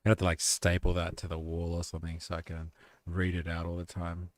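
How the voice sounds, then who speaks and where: A man's voice: sits low, monotone, brisk, no room sound, clean studio sound. A man hosting a live stream, chatting casually, swearing and reading chat comments aloud. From Australia.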